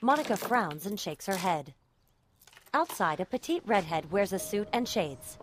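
A woman calmly narrating scene description for a drama. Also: medium pitch, moderate pace, slight background noise. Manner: calm, even-paced scene description. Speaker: audio describer. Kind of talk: scripted narration.

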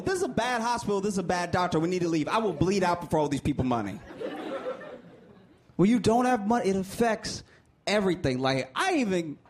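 Animated stand-up comic, high lively voice. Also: male voice. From Louisiana. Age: 30s. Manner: animated storytelling, acting out voices, building to shouted punchlines. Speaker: stand-up comedian. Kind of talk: stand-up comedy set. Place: theater stage. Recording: live stage with audience noise.

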